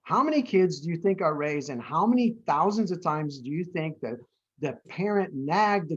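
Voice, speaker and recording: A man explains his views at length as an interview guest, earnest and patient. He keeps checking in with "right?" His voice sits somewhat high, and the recording sounds a little dull. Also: expressive, moderate pace. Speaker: guest, addiction treatment founder.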